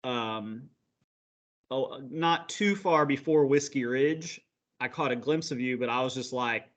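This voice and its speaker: A man co-hosting a podcast, recounting at length in a rambling, relaxed way. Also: medium pitch. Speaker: podcast co-host. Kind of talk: casual chat.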